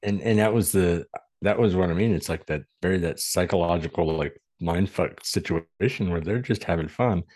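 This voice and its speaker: A man's voice: low voice, normal speed, darkish tone. A man co-hosting a casual podcast, rambling loosely with restarts and swearing. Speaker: podcast co-host. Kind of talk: casual chat.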